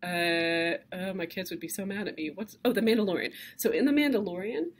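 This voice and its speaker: A woman's voice: medium pitch, fairly quick. A woman lecturing a class on cave art, speaking conversationally and enthusiastically with frequent fillers and restarts.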